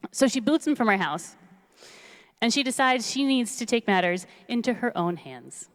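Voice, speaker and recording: A woman casually retelling a biblical story at a synagogue service in a chatty, animated way. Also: on the high side, normal speed. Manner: chatty, animated, lots of fillers. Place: large synagogue sanctuary. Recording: long reverb in a large hall.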